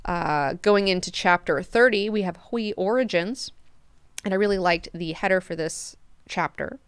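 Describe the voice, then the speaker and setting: Smooth-voiced woman hosting a casual book club. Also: lowish voice, normal speed, dry recording, clean studio sound. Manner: profane, animated, paraphrases characters in slang.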